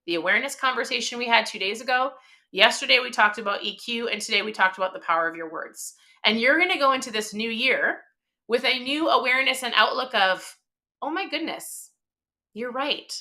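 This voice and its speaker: A woman's voice: fairly high pitch, a little fast, sharp tone. A woman in her thirties hosting a motivational live stream, talking emphatically and chattily with many fillers.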